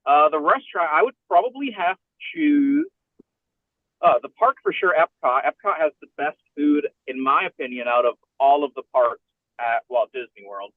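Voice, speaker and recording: A male guest on a tinny phone line, speaking with a high, very lively pitch. His manner is upbeat as he chats casually. The sound stays dry and narrow. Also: moderate pace, dry recording. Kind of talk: casual chat.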